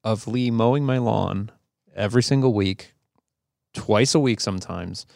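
A man co-hosting a podcast, telling a story in a relaxed, rambling way with a gravelly voice. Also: lowish voice, unhurried, no echo, studio quality. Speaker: podcast co-host. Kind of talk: casual chat, storytelling.

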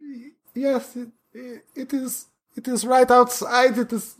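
A man's voice: very high voice, flat delivery, unhurried, a bit bright, voice pushed up, exaggerated voice. A man voicing a starved, cowering young male vampire servant who stammers and pleads.

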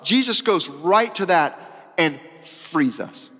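Male pastor, high voice, emphatic casual sermon delivery, big hall reverb. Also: expressive, takes it slowly. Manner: emphatic, repeats phrases, swings between loud and soft; casual, uses "y'all" and slang.

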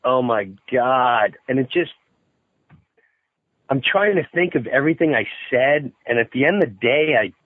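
A man guesting on a podcast by phone, telling a story in a lively way and acting out the voices of the people he quotes. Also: medium pitch, moderate pace, pauses often, breathy edge, no echo. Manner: animated storyteller who acts out quoted voices. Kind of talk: casual phone interview. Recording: tinny phone line, dry.

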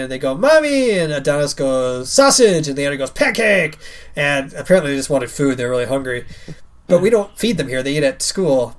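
A man in his thirties chatting casually with friends on a podcast, telling animated stories, swearing freely and laughing often. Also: medium pitch. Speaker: podcast co-host. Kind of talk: casual chat among friends.

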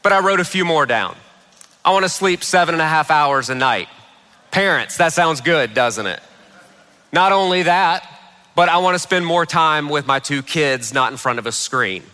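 A man preaching a sermon, telling a funny family story with lively comic timing. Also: fairly high pitch, moderate pace, long reverb tail. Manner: humorous, animated storyteller. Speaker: pastor.

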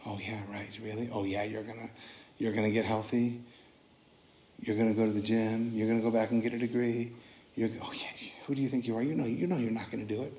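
A man's voice: lowish voice, flat delivery, fast talker, lightly acted. A man whispering as a sneering demon of doubt. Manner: sneering, hushed and mocking. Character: taunting male demon of doubt. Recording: roomy echoing hall.

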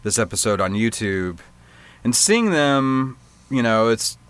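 A man's voice: mid-range voice, animated, measured pace, a bit bright, smooth. A man co-hosting a casual podcast, easygoing and thoughtful, musing aloud in a loose, rambling way. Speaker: podcast co-host. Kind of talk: casual chat.

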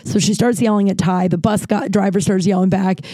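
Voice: medium pitch, fairly even intonation, a little fast, mellow, dry recording. A podcast host telling a travel story in a casual, rambling way, full of restarts and filler words, swearing freely.

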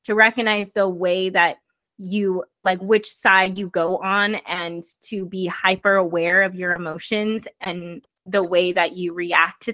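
A young adult woman co-hosting a casual podcast chat, animated and quick, her voice rising when she feels passionate. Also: mid-range voice, no room sound. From Puerto Rican and Mexican heritage. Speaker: podcast co-host.

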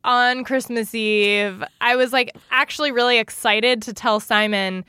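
A woman in her thirties co-hosting a casual chat, agreeable and quick with short affirmations. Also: on the high side, steady tone, bright, forceful tone, smooth, no room sound, studio quality. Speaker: podcast co-host.

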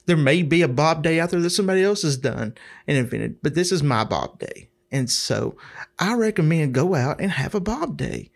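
Middle-aged guy rambling through a story, kinda high voice, keeps clearing his throat. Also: big pitch swings, normal speed. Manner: rambling, repeats words, clears throat often. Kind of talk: casual storytelling monologue.

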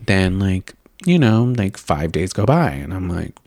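A young man hosts a makeup podcast and rants in a loose, rambling monologue. His voice sits a little low, and he packs every sentence with "like" fillers and blunt swearing. The sound is dry and close, with almost no room in it. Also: big pitch swings, measured pace, darkish tone, dry recording. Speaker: makeup video and podcast host. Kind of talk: casual ranting monologue.

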